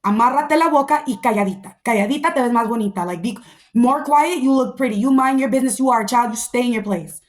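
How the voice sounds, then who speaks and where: A woman's voice: fairly high pitch, fast talker, lightly acted. A woman voicing her own stern mother, who firmly lectures her young daughter to stay out of grown-up fights. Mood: scolding. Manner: firm, lecturing.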